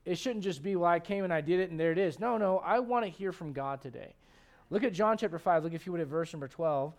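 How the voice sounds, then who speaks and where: A pastor in his thirties gives a Sunday sermon in a noticeably high voice at a quick pace. His style is animated and conversational, and he often restarts his sentences.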